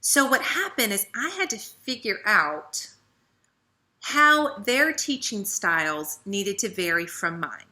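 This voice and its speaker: A woman from the American South with a Southern accent, giving a chatty, animated motivational talk to her team as a leader. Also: medium pitch, slow. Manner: chatty, animated, with frequent "right?" and "okay". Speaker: network marketing team leader.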